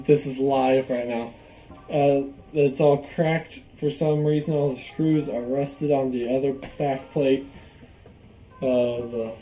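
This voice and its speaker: In an echoey room with faint music playing, a man with a mid-range, dark-toned voice casually presents a guitar for his vlog. He rambles, filling gaps and restarting sentences as he goes.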